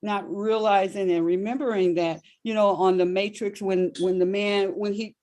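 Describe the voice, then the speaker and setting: A woman's voice: medium pitch, steady tone, moderate pace, darkish tone. Woman hosting a faith group call, encouraging, repeats herself a lot, video call sound. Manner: encouraging, repeats words, restarts phrases. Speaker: host. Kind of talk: casual faith-based group chat.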